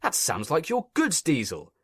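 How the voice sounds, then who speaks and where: A man's voice: a little high, wildly swooping pitch, normal speed, fairly bright tone, husky, no room sound, studio quality, pitched above the performer's own voice, exaggerated voice. A man voicing a pompous, stern male railway inspector who talks in a fussy, officious way.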